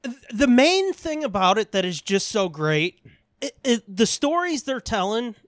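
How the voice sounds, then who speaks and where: This podcast co-host has a very high voice with big swings in pitch and an unhurried pace, captured in a dry, clean studio recording. In casual chat he swears freely, rambles through stories, and laughs often.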